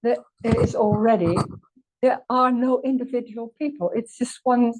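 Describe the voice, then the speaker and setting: Earnest woman teacher, mellow voice. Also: fairly high pitch, steady tone, normal speed. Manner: earnest, emphatic, non-native phrasing. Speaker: spiritual teacher. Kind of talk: teaching in conversation. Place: meeting room.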